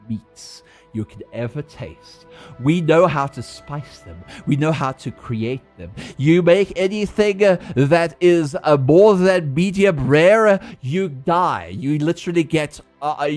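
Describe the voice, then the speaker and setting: A young man with a South African accent chats on a game stream, his voice fairly high and swinging widely in pitch. He rants, swears and laughs freely. Soft music plays underneath. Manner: animated, profane, laughing rants. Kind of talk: casual livestream chat.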